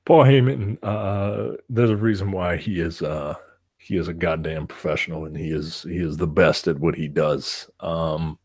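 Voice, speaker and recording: A man's voice: low voice, fairly even intonation, normal speed, darkish tone, husky, no room sound, clean studio sound. A man co-hosting a casual wrestling chat, rambling and swearing, full of "like" and "man". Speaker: wrestling podcast co-host.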